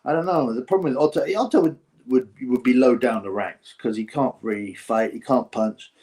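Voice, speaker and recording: Brief: male stream host, mid-pitched, rambling and mocking, chats to viewers between jabs of mimicry. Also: moderate pace, dark tone. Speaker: boxing live-stream host. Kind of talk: casual live-stream chat reading viewer comments.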